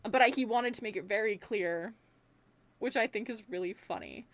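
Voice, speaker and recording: A young woman giving a casual movie review, animated and rambling, swearing freely as she rants. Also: medium pitch, moderate pace, no room sound. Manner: rambling, many fillers.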